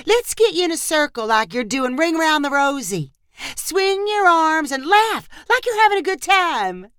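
A woman reads as a pushy, chirpy female photographer who snaps out cheerful orders, her voice jumping high and bouncing all over. Close and dry, with no room around it. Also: very animated, moderate pace, a bit bright, dry recording. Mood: bossy. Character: bossy upbeat female family photographer.

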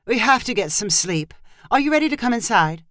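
A fed-up British wife and mother, as a woman reader puts her on, pitched high and swinging from weary pleading to shrill scolding. Her voice leaps up and down as she argues, close and dry on the mic in a storybook reading. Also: big pitch swings, brisk, a bit bright, no room sound.

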